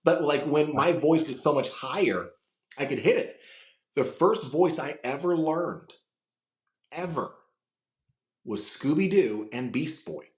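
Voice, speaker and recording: A man's voice: fairly high pitch, lively intonation, takes it slowly, long pauses. A man from Florida, a podcast guest, telling long personal stories in a rambling way, full of fillers and restarts. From Florida, USA. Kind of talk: casual storytelling chat. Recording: roomy echo.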